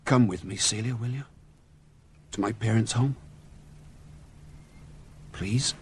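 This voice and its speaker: A devout young Royalist officer. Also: male voice, lowish voice, slow, slight background noise. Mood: earnest. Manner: earnest, impassioned pleading. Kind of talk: 1970s radio drama acting.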